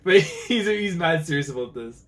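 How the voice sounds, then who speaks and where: Young man, excitable, slangy, fairly high voice, live manga reaction. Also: moderate pace. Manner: excitable, slangy, reads panels aloud and voices characters.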